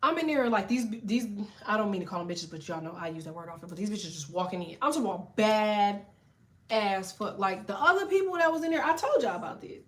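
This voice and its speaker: A woman tarot reader ranting to camera in a blunt, profane, animated way while telling a story. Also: medium pitch, quick pace. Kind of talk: casual tarot rant to camera.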